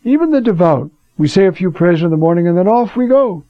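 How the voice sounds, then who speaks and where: A man's voice: sits high, animated, fairly quick, dry recording, highs cut off. A man teaching a Bible class in a chatty way, asking rhetorical questions and dropping in fillers. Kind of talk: conversational scripture class.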